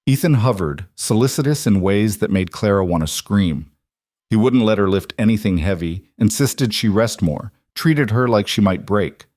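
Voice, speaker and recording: Male narrator, low voice, even measured storytelling, scripted audiobook, dry close recording. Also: no echo.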